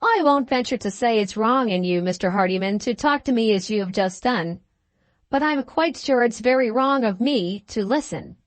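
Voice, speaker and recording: A woman's voice: fairly high pitch, animated, normal speed, no echo, close to an everyday voice. A woman reading the part of a grave, polite young woman in an audiobook, in a reserved, proper manner.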